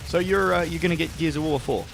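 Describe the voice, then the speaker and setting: A man's voice: a little high, fast talker, vocal fry, a little hiss or hum. A young Australian man chatting casually as co-host of a gaming show, rambling and swearing and laughing often as he tells his stories. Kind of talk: casual chat while gaming.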